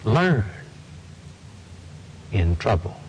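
A man's voice: fairly low pitch, big pitch swings, extremely slow, a little mellow, long reverb tail, slight background noise, rough recording. A man preaching a sermon, quoting scripture in old-fashioned phrasing with a swooping, rhythmic delivery.

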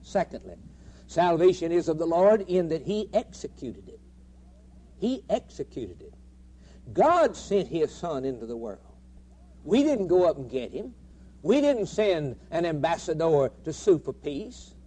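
A man's voice: fairly high pitch, sing-song, unhurried, warm tone, slightly rough. A man preaching a sermon with emphatic, rhythmic repetition.

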